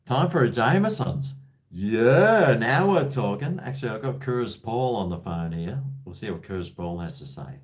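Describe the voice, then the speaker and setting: A man's voice: mid-range voice, animated, moderate pace. An Australian man hosting a casual call-in chat, blunt and rambling, with plenty of swearing. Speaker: host.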